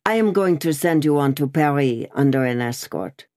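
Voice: mid-range voice, animated, moderate pace, darkish tone, dry recording, clean studio sound, natural voice. A reader voicing a nervous, deferential male village official in a classic audiobook. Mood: timid official. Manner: timid, yielding.

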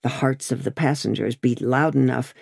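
A woman narrating an audiobook in a steady, measured reading voice. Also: very deep voice, vocal fry, slightly rough, no echo, clean studio sound.

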